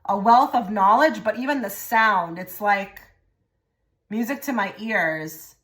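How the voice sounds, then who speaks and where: A woman's voice: mid-range voice, slow pace. Rambling woman giving a tarot reading. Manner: rambling and repetitive, often trailing into soft murmured phrases. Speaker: tarot reader. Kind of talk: pick-a-card tarot reading.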